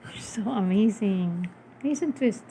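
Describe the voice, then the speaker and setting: A woman's warm, expressive, medium-pitched voice encourages a child through exercises from off camera in a casual home video. At a measured pace she repeats her praise and laughs frequently, with slight background noise.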